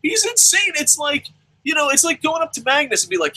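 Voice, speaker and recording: A young adult man rants through a profane wrestling review, swearing nonstop and mockingly mimicking the people he discusses. His very high-pitched voice is very animated, pushed and bright, and fairly quick. The audio is poor.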